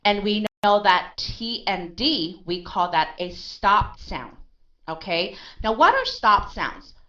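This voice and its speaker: A woman's voice: medium pitch, big pitch swings, slow, bright, forceful tone. Woman teaching pronunciation, lo-fi recording. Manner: explains step by step, ends phrases with okay; asks and answers her own questions. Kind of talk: recorded online lesson. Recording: dull lo-fi sound.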